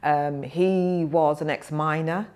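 A woman's voice: sits low, takes it slowly. A woman in her fifties, a nursing professor and guest, telling stories reflectively and acting out the voices she quotes. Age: 50s. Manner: animated, acts out quoted voices. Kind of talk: reflective storytelling.

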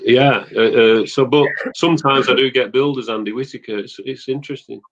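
A man's voice: medium pitch, steady tone, a little fast, lo-fi sound. A middle-aged man from Manchester, a soap actor guest, chatting casually and rambling through anecdotes with a chuckle. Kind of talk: casual chat on a web show.

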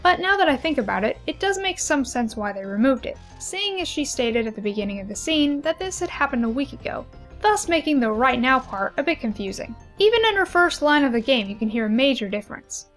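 A young woman giving an expressive, analytical video essay commentary with lively emphasis. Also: high voice, fairly quick, faint music behind.

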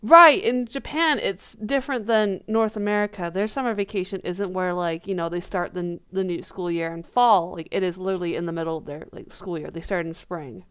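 A woman's voice: fairly low pitch, brisk, few pauses, fairly bright tone, smooth. A woman hosting a let's play, chatting casually and rambling with lots of fillers.

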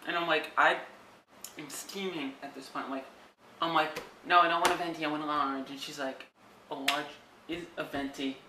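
A man's voice: fairly high pitch, fairly even intonation, normal speed, close to an everyday voice. A man playing a self-absorbed, impatient movie studio boss who whines dramatically. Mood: dramatic. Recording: echoey room, distant from mic, faint background noise.

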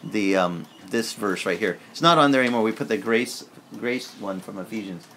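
A man preaching a sermon as pastor in a church, talking in a candid, conversational way and breaking into lively acted-out prayers. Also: lowish voice, moderate pace, slight background noise.

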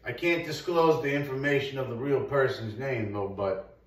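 A man's voice: mid-range voice, animated, moderate pace. A man rambling through a crude comic monologue, profane and laughing at himself. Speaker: vlogger. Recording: roomy echo, far from the mic.

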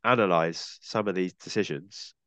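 A man's voice: low-pitched, moderate pace, a bit bright, no echo. A man hosting a film podcast with a cold, chatting casually and often ending points with tag questions. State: has a cold. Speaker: podcast host.

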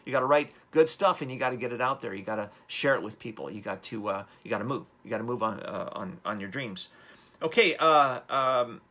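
Upbeat bright-voiced male live-stream host. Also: medium pitch, animated, a little fast. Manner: upbeat, rambling, exhorting viewers. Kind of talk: live-streamed motivational talk.

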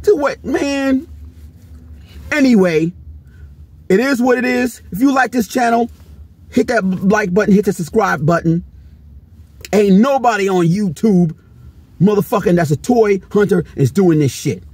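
A man's voice: sits high, moderate pace, darkish tone, slightly rough, no echo. A man filming a casual toy-hunting vlog on a handheld camera, swearing a lot and ranting heatedly. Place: convention floor and stores, indoors.

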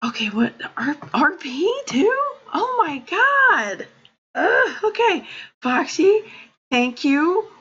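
A woman's voice: sits high, big pitch swings, takes it slowly, a bit bright, muffled recording. A woman live streamer, tearful and crying, talking to her viewers in breathless exclamations broken by laughter.

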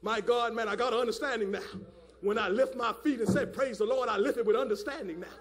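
A man's voice: extremely high pitch, fast talker. A man preaching a fiery sermon at a church service, hollering and repeating "my God, man". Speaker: elder preaching.

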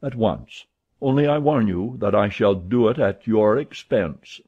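A man voicing a calm, precise English gentleman who speaks in a measured, composed way, with a husky voice on a dull recording. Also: fairly low pitch.

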